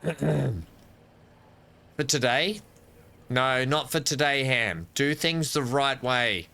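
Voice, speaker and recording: A man's voice: medium pitch, slow, gravelly, bright, forceful tone. An Australian man giving casual gameplay commentary as a channel host, rambling playfully and talking to himself as he builds.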